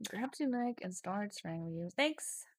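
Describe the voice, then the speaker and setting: A woman's voice: mid-range voice, expressive, unhurried, no echo, studio quality. A woman streaming a text adventure game, reading the story aloud with casual swearing and sudden drops into whispers.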